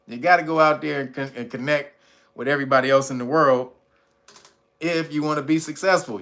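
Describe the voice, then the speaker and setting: A man's voice: fairly high pitch, bright, forceful tone. A man hosting a casual commentary monologue, blunt and profane, laughing often. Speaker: channel host.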